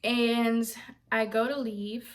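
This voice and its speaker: A young adult woman vlogger telling a story in a casual, animated way and acting out what others said. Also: a little high, slow pace. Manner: animated, quotes others in voices.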